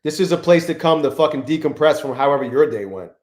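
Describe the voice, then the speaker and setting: A man's voice: a little high, lively intonation, quick pace, darkish tone. A young man hosting a live trading stream, chatting loosely and profanely while he greets viewers from the chat by name. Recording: echoey room.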